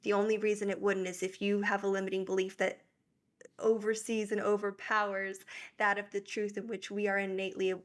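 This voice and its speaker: A woman's voice: medium pitch, flat delivery, a little fast. Earnest reflective woman guest. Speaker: guest, breathwork facilitator. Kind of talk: conversational interview.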